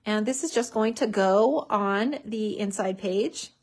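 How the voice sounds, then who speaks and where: A woman's voice: medium pitch, measured pace. A woman hosting a live crafting tutorial, chatty and bubbly, with many fillers.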